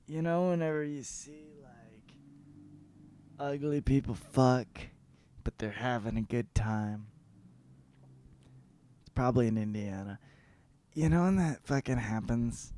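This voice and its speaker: A man's voice: mid-range voice, measured pace, pauses often. A male podcast host giving a profane, rambling comedic book report. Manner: profane, rambling, animated riffing.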